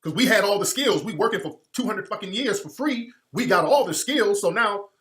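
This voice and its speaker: A male commentator giving an impassioned monologue, with emphatic preacherly repetition, moving from loud outbursts to low muttering. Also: expressive, moderate pace.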